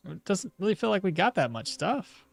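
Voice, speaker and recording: A man streaming a game, chatting casually and excitably, swearing now and then. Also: high voice, normal speed, vocal fry, faint music behind. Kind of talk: casual gameplay commentary.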